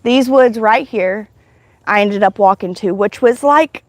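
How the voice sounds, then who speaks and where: A woman's voice: medium pitch, a little slow, no echo. A woman hosting a livestream, telling a spiritual testimony in an emotional, rambling way, full of restarts. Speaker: livestream host.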